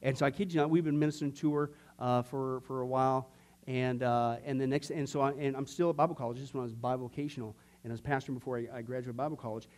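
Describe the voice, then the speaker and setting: A middle-aged man, a pastor, teaching a discipleship class by telling personal stories with jokes, asides and many fillers, acting out quoted voices from loud to near whisper. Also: mid-range voice, fairly even intonation, quick pace. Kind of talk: sermon-style teaching class.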